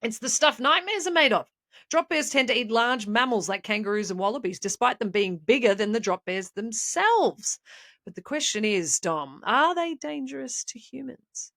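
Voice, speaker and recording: A woman's voice: a little high, lively intonation, moderate pace, a bit bright, dry recording, clean studio sound. An Australian woman co-hosting a podcast, telling a comedic tale with playful mock-serious delivery. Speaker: podcast co-host.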